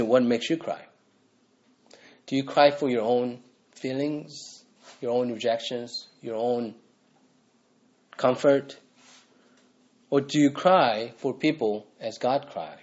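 Male pastor, mid-pitched, earnest sermon delivery full of rhetorical questions; muffled lo-fi sound. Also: a little mellow. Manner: earnest, asks the listeners repeated rhetorical questions.

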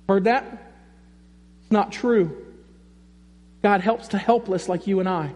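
A man's voice: high voice, takes it slowly, long pauses, darkish tone. A male pastor preaching a sermon in an emphatic, conversational way. He often repeats his key phrases. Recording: long reverb in a large hall.

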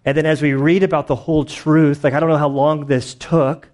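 A man's voice: fairly high pitch, flat delivery, fairly quick, a little mellow. A man teaching through a Bible passage in a casual, rambling way, full of filler words, restarts and the occasional laugh. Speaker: pastor.

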